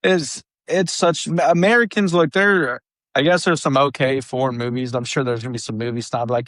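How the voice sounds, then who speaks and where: A man's voice: normal speed, no room sound. A man co-hosting a podcast, chatting animatedly about movies. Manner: animated, does silly high voices when quoting. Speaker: podcast co-host. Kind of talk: casual chat.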